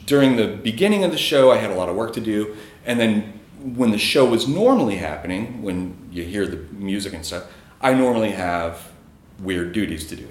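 Male storyteller, casual and rambling delivery with fillers, low voice, roomy echo. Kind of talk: live storytelling.

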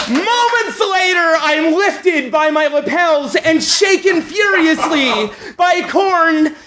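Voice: very high-pitched, takes it slowly, hardly any pauses, very noisy. A speaker telling a comic personal story, self-mocking, laughing while telling and often stammering into restarts.

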